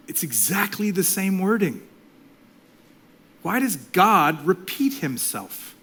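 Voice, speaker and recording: A middle-aged male pastor preaching a sermon, swinging from loud, impassioned lines to hushed whispers. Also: fairly high pitch, lively intonation, unhurried, slight background noise.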